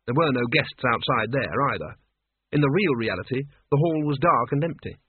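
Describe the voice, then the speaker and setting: A man narrating a story aloud with expressive storytelling. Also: medium pitch, moderate pace, husky, no echo. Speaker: audiobook narrator. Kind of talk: scripted narration. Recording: tinny phone-like dry audio.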